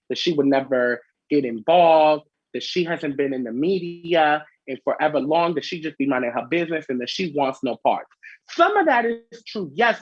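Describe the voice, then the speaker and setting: A sassy man dishes gossip in a chatty, animated way as a vlog host. His voice is husky and breathy, sitting in a middling pitch. The sound is dry and slightly dull, like a lo-fi home recording. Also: no room sound.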